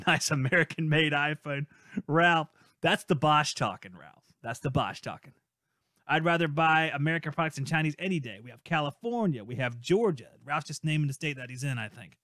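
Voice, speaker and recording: A man's voice: fairly high pitch, a bit bright, no room sound, studio quality. Upbeat man hosting a trades podcast. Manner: playful, reads out listener messages and teases guesses. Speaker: podcast host. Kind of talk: casual live-stream podcast chat.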